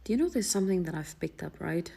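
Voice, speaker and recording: A woman talking to the camera in a measured, thankful way. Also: on the low side, expressive, vocal fry, mellow, breathy edge. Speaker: social media commenter. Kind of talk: casual talk to camera.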